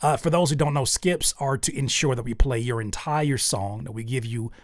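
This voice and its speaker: Dude reviewing submitted tracks live, blunt and rambly, mid voice, dry mic. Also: male voice, mid-range voice, normal speed, dry recording. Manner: candid, rambling with restarts, gets loud and animated in disbelief. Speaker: host reviewing listener music. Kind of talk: casual livestream music feedback.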